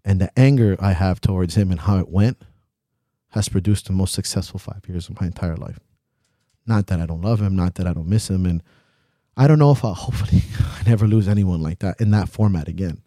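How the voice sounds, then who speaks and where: A man's voice: low voice, fairly quick, mellow, no echo, clean studio sound. A young man co-hosting a podcast, talking bluntly and emotionally, swearing freely. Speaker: podcast co-host. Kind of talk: candid podcast chat.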